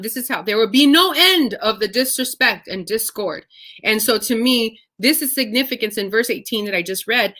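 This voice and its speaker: A woman teaching scripture in a casual, animated way, reading verses and acting out the speakers with conversational asides. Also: mid-range voice. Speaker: Bible study teacher.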